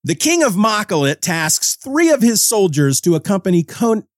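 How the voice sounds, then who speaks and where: Sick guy podcasting, stuffy nose voice, bouncy pitch, dead dry sound, keeps redoing lines. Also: very animated, normal speed, no echo. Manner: flubs and restarts lines, frustrated, jokey. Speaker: podcast host. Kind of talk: reading comic recaps, blooper retakes.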